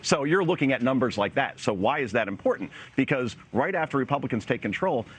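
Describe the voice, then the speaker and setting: A man's voice: mid-range voice, sing-song, a little fast, a bit bright, a little hiss or hum. A man giving pointed, sarcastic political commentary as a guest on a news panel.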